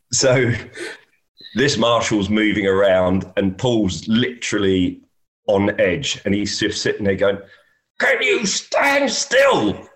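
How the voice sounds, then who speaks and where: A man, a golf caddy, telling anecdotes in a casual chat and often laughing as he talks. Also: deep voice.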